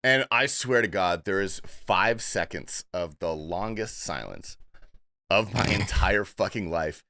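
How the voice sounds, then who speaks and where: A man hosting a podcast, telling a story in animated, laughing, profane casual chat. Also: low voice, unhurried, dry recording. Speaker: podcast host.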